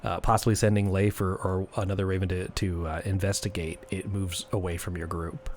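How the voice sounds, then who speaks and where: A young man narrating as game master in a tabletop game, relaxed and hesitant, laughing often. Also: low voice, brisk, a little hiss or hum.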